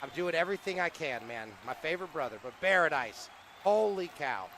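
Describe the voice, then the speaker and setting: A man hosting a comedic mock press conference who talks in an excitable, rallying announcer style. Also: on the high side, fairly quick, a little hiss or hum. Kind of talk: comedic live-stream emcee.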